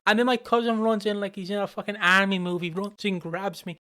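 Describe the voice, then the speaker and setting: Podcast co-host, smooth clear voice, mid pitch, rambling anecdotal chat with casual swearing. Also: steady tone, brisk, bright, forceful tone. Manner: rambling storyteller, swears freely.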